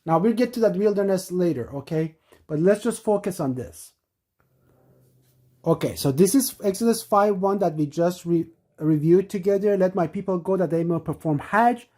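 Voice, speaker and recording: A woman teaching scripture in an emphatic way, reading verses aloud and slowing down to stress key words. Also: lowish voice, dark tone. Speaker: religious teacher.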